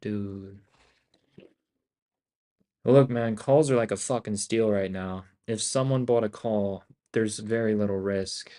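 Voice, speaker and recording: Profane young man trading live, lowish voice. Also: slow, pauses often. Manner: casual, profane, excitable, talks to himself. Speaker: day trader streaming live.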